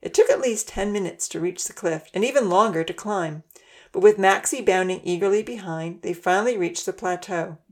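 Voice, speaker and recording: A woman reads a children's storybook aloud with a gentle, steady manner. Her voice sits on the low side. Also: moderate pace. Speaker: narrator. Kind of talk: storybook narration.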